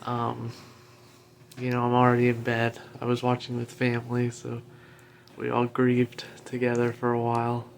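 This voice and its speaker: A man talking sports from his bed at home, salty and a little slurred from a retainer. His delivery is flat, and his voice has a gravelly rasp. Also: medium pitch, normal speed, slight background noise. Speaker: podcast host. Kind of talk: solo sports commentary.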